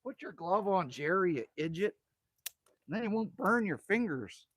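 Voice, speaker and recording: A man's voice: sits high, big pitch swings, moderate pace, fairly bright tone. A man from Manitoba, Canada, chatting casually on a livestream from a cabin, rambling, joking and reading chat messages aloud. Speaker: livestream host. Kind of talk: casual live-stream chat. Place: indoors at a cabin with a wood stove.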